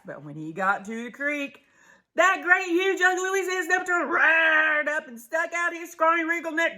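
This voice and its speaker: A woman reading a children's picture book aloud with lots of expression, slipping into hushed asides for her young listeners. Her voice sits a touch high and very bright. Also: normal speed. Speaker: storybook reader.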